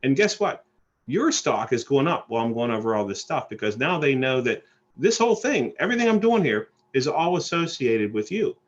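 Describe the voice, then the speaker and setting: A man giving an animated sales presentation on a group call, often repeating and restarting phrases. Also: medium pitch, a little fast, dull audio. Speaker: credit repair presenter. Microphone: phone or call line.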